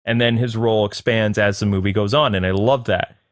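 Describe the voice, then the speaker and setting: A man giving a casual spoken movie review, rambling with many fillers and sudden excited jumps in pitch. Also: a little fast, dry recording, studio quality.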